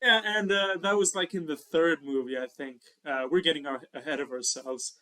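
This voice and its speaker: A man's voice: a little high, moderate pace, sharp tone. A man co-hosting a podcast in casual chat, rambling with many fillers as he recalls film scenes. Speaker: podcast co-host.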